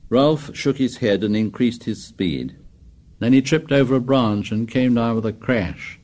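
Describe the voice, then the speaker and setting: A man narrating an audiobook in a measured, descriptive way. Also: medium pitch, expressive, darkish tone.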